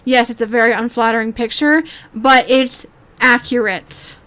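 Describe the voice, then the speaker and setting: A woman's voice: a little high, fairly even intonation, moderate pace, pushed and bright. A woman YouTuber giving a rambling, exasperated reaction commentary, swearing freely and restarting her sentences often.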